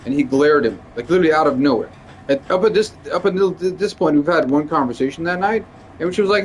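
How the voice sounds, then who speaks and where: A man's voice: fairly high pitch, fast, slight background noise. A male stand-up comedian venting in a casual, rambling monologue, swearing freely and leaning heavily on "like". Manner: rambling, profane, lots of "like".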